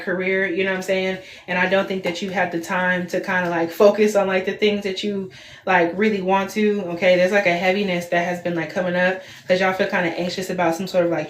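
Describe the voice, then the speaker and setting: A woman in her twenties giving a casual livestream tarot reading, chatty and repetitive, full of fillers. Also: on the low side. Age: 20s. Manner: chatty, lots of fillers, repeats herself. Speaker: tarot reader. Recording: roomy echo, faint background hiss.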